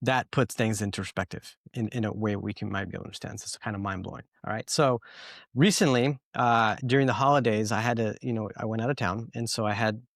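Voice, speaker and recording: A man's voice: fairly low pitch, fairly even intonation, fast talker, creaky, no room sound, studio quality. A man hosting a podcast, telling a story in a rambling, casual way full of fillers. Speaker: podcast host.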